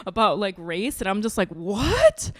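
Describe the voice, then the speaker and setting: A woman co-host tells a story in casual chat, her pitch leaping around as she acts out the people in it. Her voice sits at a middle height. The recording is close and dry. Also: normal speed, no room sound. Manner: animated, acts out quoted people with big pitch jumps. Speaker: podcast co-host; mother.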